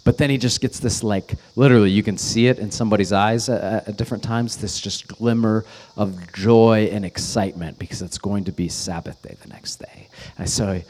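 A man's voice: on the low side, steady tone, fairly quick, darkish tone. A man in his thirties, a pastor, delivering a sermon as an earnest, conversational story.

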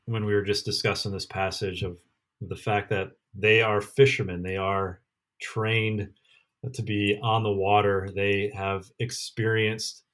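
A man's voice: fairly low pitch, fairly bright tone. A man co-hosting a devotional podcast, thinking aloud about a Bible passage in a loose, casual way. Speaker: podcast co-host. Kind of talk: conversational devotional discussion.

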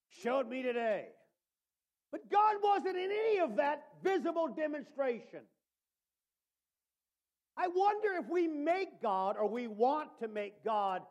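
A man preaching a sermon in a notably high voice. He calls out to listeners as brother. He drops to near-murmured asides, then rises to shouted emphasis. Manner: swings between quiet asides and shouted emphasis; addresses listeners by name as brother.

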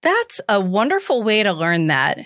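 A woman hosting an interview podcast, speaking in a warm, thankful way. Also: mid-range voice, wildly swooping pitch, moderate pace, dry recording. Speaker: podcast host. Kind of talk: casual interview chat.

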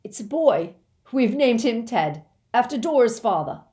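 A woman voicing a gentle, worn-out middle-aged wizard man in a storybook reading, earnest and exclaiming. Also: medium pitch, expressive, measured pace, pitched above the performer's own voice, lightly acted. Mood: overjoyed.

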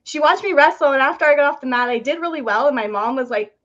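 A young woman talks as a podcast guest, her voice sitting a little high. She tells her story in a chatty, animated way, full of "like" and little acted-out quotes. The audio sounds slightly dull and lo-fi. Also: fast talker. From Ontario, Canada. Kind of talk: casual storytelling interview.

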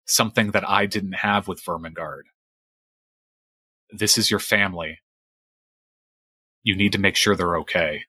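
Man doing a wounded, loyal man in a tabletop game, earnest, low and bright. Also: fairly even intonation, a little slow, pauses often, slightly rough, dry recording, heavily acted. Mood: urging. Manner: earnest, urging.

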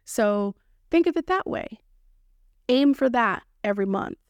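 A woman's voice: on the high side, expressive, measured pace, clean tone, no echo. Playful, upbeat woman podcast host. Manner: playful, upbeat, fond of corny jokes; coaching, encouraging listeners directly. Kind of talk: solo motivational podcast monologue.

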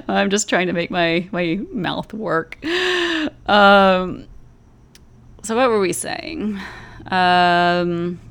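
Woman from the American South, young adult, smooth clear voice, chatty, laughs a lot, slightly tipsy. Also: on the low side. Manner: chatty, animated, laughs often, drawn-out syllables. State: tipsy from wine. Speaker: podcast co-host. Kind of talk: casual movie discussion.

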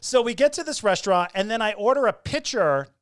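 A woman's voice: medium pitch, lively intonation, brisk, dry recording, studio quality. A woman hosting a podcast, chatting loosely, laughing often and swearing freely. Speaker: podcast host. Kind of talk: casual chat.

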